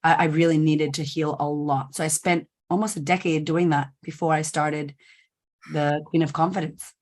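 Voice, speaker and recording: A woman guest on a podcast, telling her story in a candid, animated conversational way. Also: low-pitched, normal speed. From United States. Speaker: podcast guest, confidence coach. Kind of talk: conversational interview.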